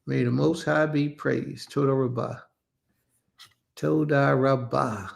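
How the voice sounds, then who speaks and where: Gravelly man leading an online service. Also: mid-range voice, fairly even intonation, takes it slowly. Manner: repetitive, emphatic, addresses listeners as family. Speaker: congregation leader. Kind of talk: online religious service, casual preaching.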